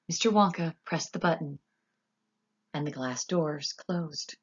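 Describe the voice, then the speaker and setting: A woman narrating a children's story with an expressive, animated reading. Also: low-pitched, unhurried, slightly rough, highs cut off. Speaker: audiobook narrator.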